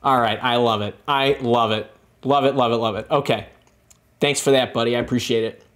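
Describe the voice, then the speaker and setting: A middle-aged man hosting a live career-coaching stream, answering viewer comments in an animated, emphatic way with frequent repeated words and restarts. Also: medium pitch, brisk.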